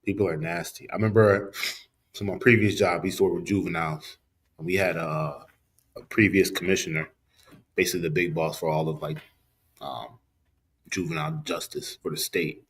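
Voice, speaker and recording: A man co-hosting a podcast in a studio has a deep, steady voice with a breathy edge, and he talks fairly quickly. He chats casually and tells stories in blunt, profane, slang-heavy language.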